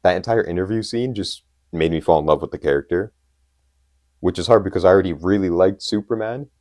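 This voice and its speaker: Young guy w a really low voice, podcast cohost, hyped up fan chat. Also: brisk, a little mellow. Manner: enthusiastic, emphatic fan talk. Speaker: podcast co-host. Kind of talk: casual chat.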